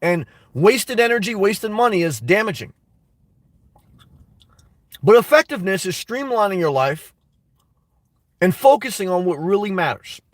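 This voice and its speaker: Speaking at a measured pace and pausing often, a YouTube host on a casual stream answers viewers in a very animated, high-pitched voice. He makes his points emphatically, repeats them, and laughs between remarks, in a dry recording made from a distance.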